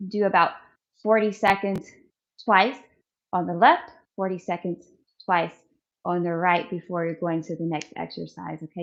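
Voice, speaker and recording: A woman's voice: on the low side, fairly even intonation, moderate pace, gravelly, lo-fi sound. A woman fitness instructor coaching a follow-along core workout, counting reps, encouraging and a little out of breath. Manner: encouraging, counts reps aloud, demonstrates while talking.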